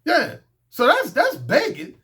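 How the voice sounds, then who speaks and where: A man with a high voice for a male speaker holds forth as a dating coach in a loose, unscripted monologue. He talks bluntly and boastfully, with plenty of profanity. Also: wildly swooping pitch, slow, pushed and bright. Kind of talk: casual monologue.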